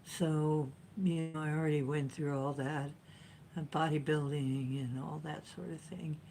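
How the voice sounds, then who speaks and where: A vlogger in a slow, unhurried monologue who drifts between personal history and dry, sarcastic commentary. The speaker talks at a middling pitch, with a faint hum of room ambience underneath. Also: fairly even intonation, a little mellow, poor audio. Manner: rambling, sarcastic asides. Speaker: spiritual reading channel host. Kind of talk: casual monologue, reading an article aloud with asides.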